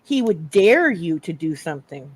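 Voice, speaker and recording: A woman's voice: on the low side, big pitch swings, normal speed, no echo. A woman hosting a casual livestream chat, talking emphatically with a lot of swearing and laughter. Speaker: host.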